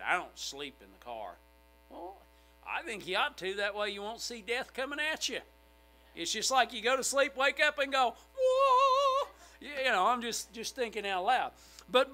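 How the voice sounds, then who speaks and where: A middle-aged male pastor preaching a sermon in a church sanctuary, emphatic and swinging from loud outbursts to hushed asides. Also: very high voice, lively intonation, moderate pace, soft background music, poor audio.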